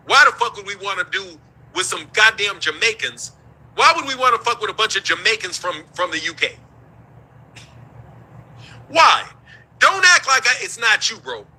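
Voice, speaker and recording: A man's voice: high-pitched, sing-song, moderate pace, long pauses, sharp tone, breathy edge, low-quality recording. A man from the United States hosting a show, ranting in heated, profane commentary and laughing between his points.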